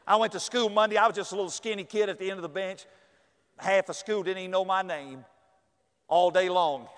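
Man, high voice, animated storyteller, acts out voices, long hall echo. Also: fairly quick, smooth. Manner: lively, acts out other people's voices and sometimes shouts. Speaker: speaker telling a personal story.

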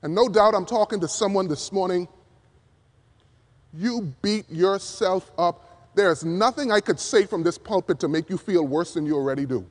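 A male preacher delivering an emphatic sermon from the pulpit, swinging from loud appeals down to hushed words. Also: high voice, moderate pace. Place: church pulpit. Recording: long reverb of a large hall.

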